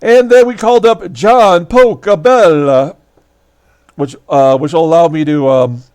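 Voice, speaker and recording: A man's voice: unhurried, smooth. Chatty man hosting a tabletop baseball game. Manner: chatty, wry, frequent fillers, animated pitch jumps. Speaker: channel host running a tabletop baseball replay. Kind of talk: casual solo commentary.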